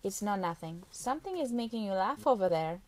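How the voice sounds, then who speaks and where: A woman's voice: medium pitch, lively intonation, brisk, darkish tone, lightly acted. A woman voicing a teasing, motherly middle-aged female nurse in an audiobook, scolding lightly. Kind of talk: audiobook character voice.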